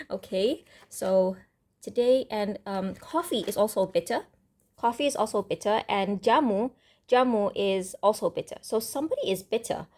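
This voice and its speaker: Husky woman rambling through a tarot reading. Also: mid-range voice, mellow. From Indonesia. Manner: rambling, thinking aloud with many ums. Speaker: tarot reader. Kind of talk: casual tarot reading to camera. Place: home room with construction noise next door.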